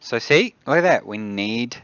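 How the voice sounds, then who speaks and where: A man's voice: medium pitch, lively intonation, normal speed, a bit bright, smooth, no room sound, dull audio. A man with a New Zealand accent who hosts a game dev stream from his office, muttering to himself and thinking aloud as he builds things in the game. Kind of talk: casual livestream commentary while demoing a game.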